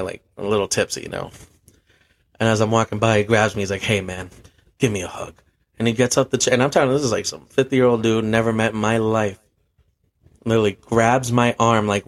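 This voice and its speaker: A young bartender who hosts a podcast tells a rambling story in casual, profane conversation, laughing at himself as he goes. His voice is on the low side.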